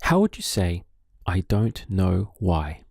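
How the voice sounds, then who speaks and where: Slow, deep-voiced male language teacher. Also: sing-song, gravelly, darkish tone, breathy edge, dry recording, clean studio sound. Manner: slow, deliberate prompting with pauses for learner answers. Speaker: Spanish teacher. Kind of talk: slow spoken language lesson.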